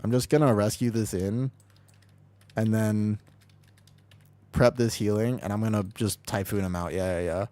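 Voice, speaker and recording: A man streaming an online game as a healer, rambling excitably through casual commentary, swearing freely and laughing often. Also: on the low side, normal speed, pauses often, no echo. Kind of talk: casual live gameplay commentary.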